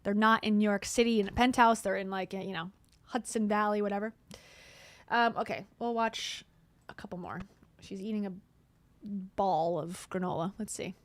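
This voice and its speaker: A woman's voice: mid-range voice, steady tone, moderate pace, dry recording. A woman hosting a casual commentary, talking wryly and sarcastically about video clips. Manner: sarcastic, wry asides. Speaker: commentary host.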